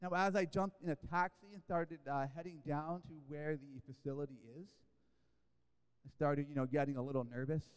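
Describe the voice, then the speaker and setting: A man's voice: a little high, steady tone, brisk, clean tone. A man preaching a sermon, telling a story in a humorous, self-deprecating, conversational way. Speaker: guest preacher. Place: church sanctuary. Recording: echoey church hall.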